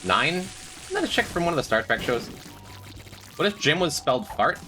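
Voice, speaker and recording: A man's voice: on the high side, sing-song, moderate pace, bright, forceful tone. A man streaming a game, chatting with viewers in a dry, joking way. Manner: dry, joking, talks to chat. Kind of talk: casual gameplay commentary. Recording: faint music behind.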